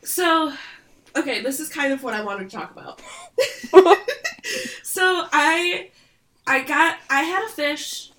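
A woman's voice: high-pitched, takes it slowly, pauses often, fairly bright tone. A young woman with a Michigan accent and a nasal voice, stuffy from a lingering cold, chatting and giggling as a podcast co-host. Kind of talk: casual chat.

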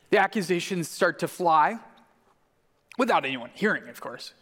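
A man's voice: on the high side, expressive, normal speed, fairly bright tone. A man preaching a sermon, telling the story vividly and acting out the quoted voices. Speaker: pastor. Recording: long hall reverb.

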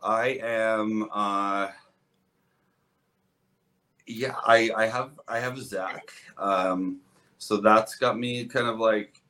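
A man's voice: on the low side, fairly even intonation, drawn-out words, long pauses, sharp tone. A man, a hairdresser guest on a podcast, telling stories in a casual, earnest, rambling way with lots of restarts. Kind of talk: casual conversational storytelling.

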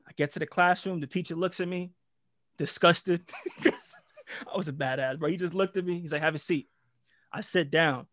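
A man's voice: on the high side, normal speed, pauses often, a bit bright, dry recording, clean studio sound. A young man from New York with a New York accent, telling a prank story in a casual, profane, slangy chat and acting out the voices. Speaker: guest storyteller.

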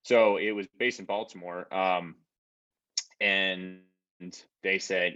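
Deep bright-voiced young man, slightly muffled. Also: slow. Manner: animated anecdotes with frequent restarts. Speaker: podcast co-host, former college baseball player. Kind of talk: casual conversational storytelling.

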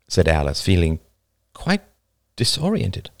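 A man's voice: sits low, moderate pace. A man narrating a novel as its author, reading expressively and dramatically.

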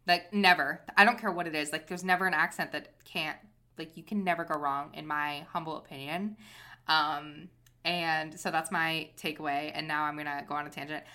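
A woman's voice: low voice, fairly even intonation, normal speed, bright, forceful tone. A young woman co-hosting a podcast, chatting casually and drifting into tangents with lots of fillers. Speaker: podcast co-host. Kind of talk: casual chat.

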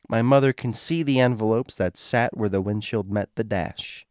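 A man's voice: mid-range voice, normal speed, hardly any pauses, darkish tone, dry recording, studio quality. A man hosting a show, reading a creepy true story aloud, stumbling over words and adding his own asides. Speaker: host reading a story post.

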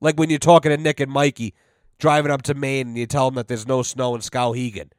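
A man's voice: medium pitch, little pitch movement, brisk, no room sound, clean studio sound. A man hosting a podcast, telling a rambling, profane story in a wry, casual way. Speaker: podcast host.

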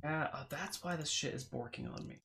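A man's voice: on the high side, a little fast, creaky, slightly rough. A man running a tabletop role-playing game as game master, narrating casually with frequent hesitations. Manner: relaxed, hesitant with fillers.

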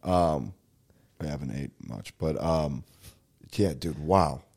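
A man's voice: a bass voice, slow, creaky, a little mellow, breathy edge. A man hosting a podcast, teasing his guest in joking, casual banter. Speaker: podcast host. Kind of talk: casual chat.

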